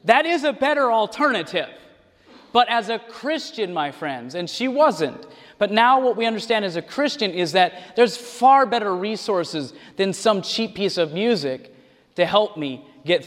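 Animated high-voiced male preacher in a reverberant hall. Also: unhurried. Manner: animated, acts out quoted voices. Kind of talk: sermon.

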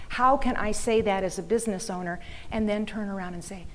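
A woman's voice: mid-range voice, normal speed, hardly any pauses, a little hiss or hum. A woman giving an earnest, emphatic talk to a church audience, sometimes dropping into a mocking whisper. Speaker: speaker. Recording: reverberant hall.

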